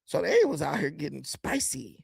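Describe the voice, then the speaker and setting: A man's voice: a little high, big pitch swings, moderate pace, vocal fry, slightly rough, no room sound. A man giving blunt, combative commentary while reacting to video clips, often mocking the people he watches. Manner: blunt, combative and mocking, with sudden swings in loudness.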